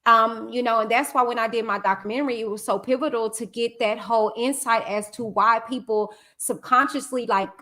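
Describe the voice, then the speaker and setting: A woman's voice: a little high, fairly even intonation, brisk, hardly any pauses, bright, forceful tone. A woman in her thirties, a talk show host, speaking reflectively and emotionally in a conversational way.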